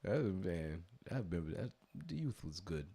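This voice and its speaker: Chill podcast guy, lowish voice, rambles and swears easy. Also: sing-song, normal speed, vocal fry, dark tone, husky. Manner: laid-back, rambling, swears casually. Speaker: podcast co-host. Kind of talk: casual chat.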